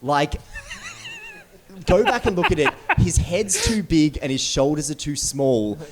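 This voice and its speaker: Lively, hedging man on a panel. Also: a little high, slow pace, noisy background. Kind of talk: live comedy panel talk. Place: live stage before an audience.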